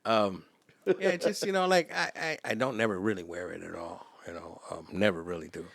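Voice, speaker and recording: A man guesting on a podcast, telling animated stories and acting out the people in them. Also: sits low, fairly quick, gravelly, no room sound, studio quality. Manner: animated storyteller, acts out quoted voices. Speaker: podcast guest, house music MC. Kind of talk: casual storytelling chat.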